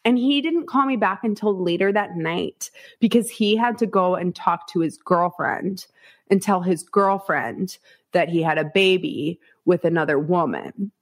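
Frank, animated woman telling her story. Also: lowish voice, a little slow. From Iowa, United States. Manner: frank, animated, acts out quotes, swears, laughs often. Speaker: podcast guest. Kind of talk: candid storytelling interview.

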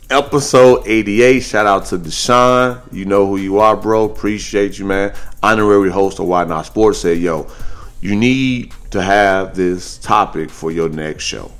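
A man hosting a casual podcast. His voice sits very low, and he swings up into high, animated tones as he tells a funny story. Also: measured pace, clean tone, soft background music. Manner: animated storytelling, jumps high when joking. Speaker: podcast host.

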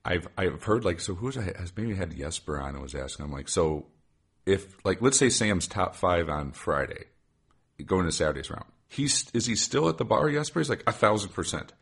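A podcast host chats loosely and eagerly, often tossing in "right?". His voice is deep and slightly husky. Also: expressive, moderate pace, fairly bright tone. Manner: enthusiastic, rambling, says "like" and "right?" often. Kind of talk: casual chat.

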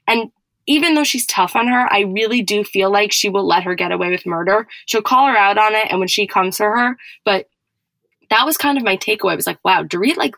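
A woman's voice: mid-range voice, vocal fry, fairly bright tone, no room sound, rough recording. Woman cohost gabbing about reality tv, lots of likes, dry close mic. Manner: chatty, many "like" fillers. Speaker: podcast co-host. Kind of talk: casual chat recapping reality TV.

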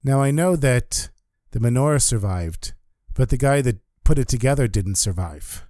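A man's voice: medium pitch, lively intonation, normal speed, mellow, no echo, clean studio sound, natural voice. A man voicing a resolute store owner explaining why he keeps an old keepsake, firm and conversational. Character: resolute male shop owner.

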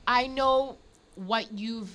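High bright tearful woman apologizing. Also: extremely slow. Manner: apologetic, emotional. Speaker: podcast guest. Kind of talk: casual chat.

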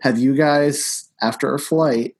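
A man's voice: medium pitch, steady tone, slow pace, husky, low-quality recording. A man co-hosting a casual podcast, easygoing and wry as he talks about a film. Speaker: podcast co-host. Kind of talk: casual movie chat.

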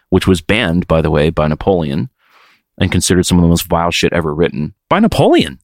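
Low voiced guy hosting a podcast, swoops up and down a lot, dry sound. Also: no echo. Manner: playful, rambling, reads listener emails. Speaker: podcast host. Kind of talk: casual podcast chat.

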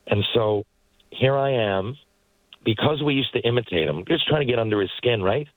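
A man, a guest telling rambling, animated anecdotes from his parked car. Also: mid-range voice, normal speed, no room sound, low-quality recording. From Newfoundland, Canada. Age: 40s. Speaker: guest, former hockey player and actor. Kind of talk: casual storytelling interview.

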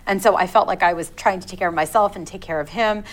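Woman in her thirties, interview guest, slightly low voice, halting and reflective, restarts often. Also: poor audio. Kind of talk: personal storytelling in conversation.

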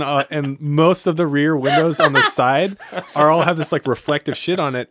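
A man's voice: on the high side, normal speed, fairly bright tone. A man from a touring band retelling a road story in casual chat.

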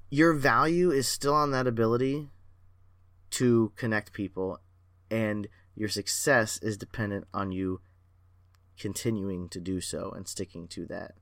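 Excitable rambling man on a dry mic. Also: lowish voice, unhurried, gravelly, pauses often, dry recording. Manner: excitable, rambling, self-aware. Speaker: podcast host and performance coach. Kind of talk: solo podcast monologue.

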